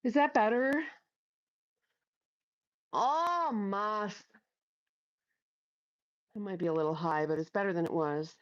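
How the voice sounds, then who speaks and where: A middle-aged woman hosts a casual livestream through a headset mic, chatting bluntly, swearing plenty and reading out viewers' comments. Her voice is on the low side, animated and fast, with few pauses, and the highs are cut off.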